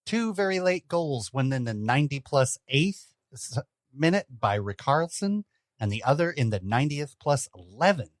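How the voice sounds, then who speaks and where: A man co-hosting a soccer podcast, giving dry, deadpan takes in casual chat. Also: medium pitch, no echo. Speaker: podcast co-host.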